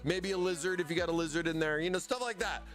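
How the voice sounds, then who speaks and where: High-voiced rambling male stream host. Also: fast, fairly bright tone, faint music behind. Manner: rambling, stammers and repeats words. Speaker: livestream host. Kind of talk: casual product livestream chat.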